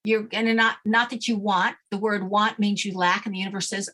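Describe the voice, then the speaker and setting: A woman's voice: mid-range voice, flat delivery, fairly quick, fairly bright tone. Confident woman guest explaining steps. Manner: confident, matter-of-fact instructions. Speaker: guest, manifestation coach. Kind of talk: instructional interview talk.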